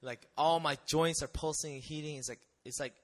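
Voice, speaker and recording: A young missionary speaker shares his personal testimony with an audience in a conversational, animated style. His voice is a little high and brisk, and he often checks in with rhetorical questions.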